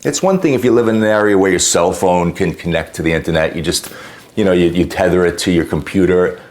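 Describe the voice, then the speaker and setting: Man, deep voice, casual exasperated storyteller in a talking-head vlog. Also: fast talker. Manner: exasperated, animated retelling with acted quotes. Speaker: homeowner telling a customer-service story.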